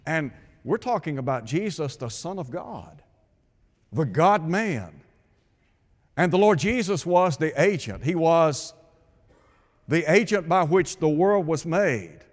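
A man's voice: a little high, animated, slow pace, pauses often. A man preaching a radio sermon, asking rhetorical questions and repeating his points for emphasis. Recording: long hall reverb.

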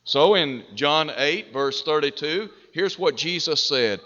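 A man preaching a sermon, slow and deliberate, with emphatic rises on key phrases. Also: on the high side, animated, bright, forceful tone. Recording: dull reverberant hall.

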